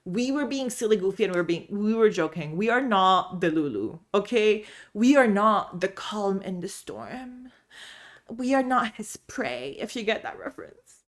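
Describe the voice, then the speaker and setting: A chatty woman vlogging about books from home. She talks casually, bubbly and animated, telling stories and laughing easily. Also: mid-range voice, normal speed. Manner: animated storyteller. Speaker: book vlogger. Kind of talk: casual chat.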